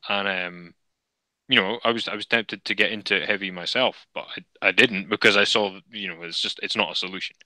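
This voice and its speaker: A man sounding off in a casual podcast chat, opinionated and quick to swear. His low voice has a very bright, sharp edge, and the recording is close and dry with no room sound. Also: steady tone, no room sound, rough recording.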